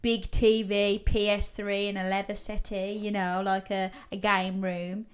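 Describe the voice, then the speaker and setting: A woman's voice: mid-range voice, little pitch movement, unhurried, clear, resonant tone. A woman co-hosting a podcast, casually reading out listeners' ghost stories with laughs and the odd swear word. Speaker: podcast co-host. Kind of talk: casual storytelling chat.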